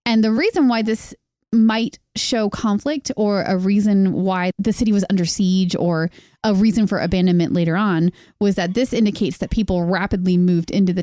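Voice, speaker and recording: A woman in loose, laughing podcast chat, her talk full of "like" and "totally." Her voice sits a little low for a woman. The recording is close and dry. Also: warm tone, no echo. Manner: chatty, laughs often, says "like" and "totally". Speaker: podcast co-host. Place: RV parked near the sea.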